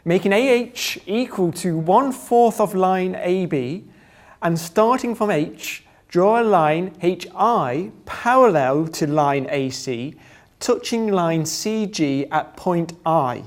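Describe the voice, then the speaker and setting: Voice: medium pitch, expressive. A presenter, reading out step-by-step geometry drawing instructions and adding dry, joking asides. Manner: deliberate, dry asides, breaks into laughter at times.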